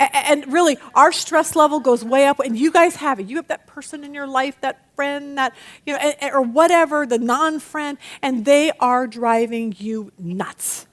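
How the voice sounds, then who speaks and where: High-voiced woman teaching a Bible lesson. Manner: animated teaching with dramatic read-aloud voices.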